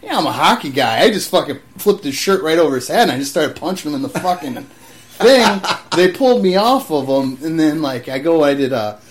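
A man's voice: on the high side, lively intonation, a little fast. A young man in casual chat, profane and loose, stumbling over restarts as he tells a story. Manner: loose, profane, restarts often and acts out voices in anecdotes.

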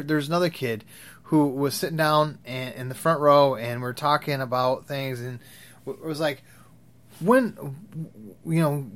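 A young man telling crude, rambling stories in a casual, profane way, laughing at his own tales. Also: fairly high pitch. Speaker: vlogger. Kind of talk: profane storytelling rant.

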